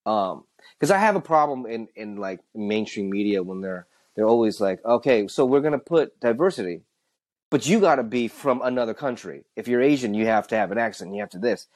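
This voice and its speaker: A man co-hosting a podcast, talking casually in quick bursts full of asides. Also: lowish voice. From United States. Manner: animated, talks in quick bursts with many asides. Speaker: podcast co-host.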